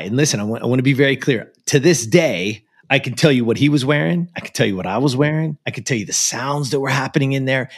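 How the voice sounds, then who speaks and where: A man's voice: mid-range voice, husky. Earnest American man telling a story. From United States. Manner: earnest and emphatic, with frequent "like" and "you know". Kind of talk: personal storytelling in conversation.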